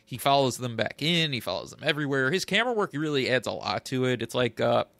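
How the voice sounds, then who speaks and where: A man co-hosting a podcast in casual chat, thoughtful and halting as he recalls details. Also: mid-range voice, lively intonation, gravelly, fairly bright tone, no room sound. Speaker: podcast co-host.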